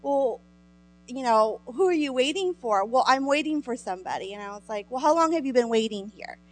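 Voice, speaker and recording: A woman telling a lively story to a congregation, acting out the voices of the people in it and laughing often. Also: on the high side, fairly quick. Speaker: speaker sharing a testimony. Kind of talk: animated testimony to a congregation.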